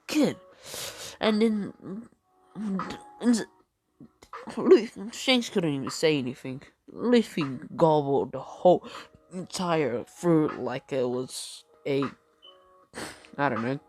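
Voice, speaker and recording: A woman's voice: sits low, darkish tone, a little hiss or hum. A woman improvising a fan story, hesitant, with lots of fillers and self-corrections. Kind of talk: improvised fan-fiction narration.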